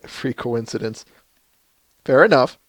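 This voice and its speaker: A man's voice: mid-range voice, expressive, takes it slowly, dry recording. A man with a Minnesotan accent hosting a casual live-stream podcast, chatty and laughing, often restarting his sentences. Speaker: podcast host.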